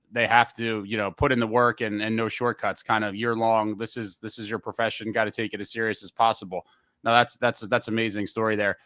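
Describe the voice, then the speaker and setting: A man hosting an interview, asking long, rambling questions full of fillers and getting excited as he sets the scene. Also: on the low side, no echo. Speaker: podcast host and interviewer. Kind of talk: casual interview.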